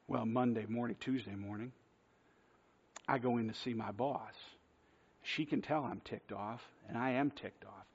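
Male preacher, sermon, chatty self-deprecating storytelling, mid-pitched voice, muffled lo-fi recording. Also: measured pace, long pauses, slightly rough.

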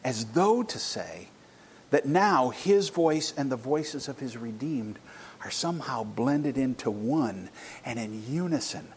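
A man preaching a sermon, swinging between loud exclamations and hushed, near-whispered reflection. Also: mid-range voice, animated, takes it slowly, slight background noise. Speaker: pastor.

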